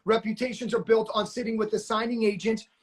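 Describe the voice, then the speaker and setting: A man hosting a live-stream coaching session, talking in an energetic, motivational, hype-man way. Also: high voice, fairly quick. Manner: pumped-up, hype-man, shouts "let's go". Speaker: notary training coach and live-stream host. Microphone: phone or webcam on a video live stream.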